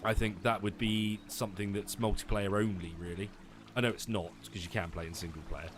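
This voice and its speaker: Low-voiced laid-back male game streamer. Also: fairly quick, background noise. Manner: relaxed and chatty, hedging with fillers and laughing often. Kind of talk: casual live-stream chat reading viewers' comments.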